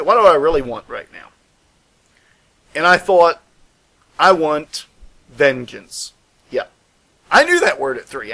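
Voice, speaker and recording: A man's voice: a bit bright, low-quality recording. A man hosting a spoken podcast, talking in a reflective, earnest monologue. His voice sits a little above the usual male range. He lifts it further when he acts out what people said. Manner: earnest, reflective, acts out quoted lines with raised pitch. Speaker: guest podcast host. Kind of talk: personal storytelling monologue.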